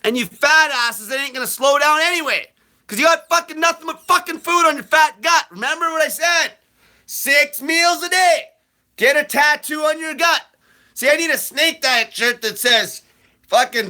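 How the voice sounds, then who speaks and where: A man hosting a live question-and-answer show, ranting bluntly and aggressively, swearing constantly and breaking into shouts. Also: very high voice. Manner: fast bursts of shouting. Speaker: host answering viewer questions. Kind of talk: live Q&A rant.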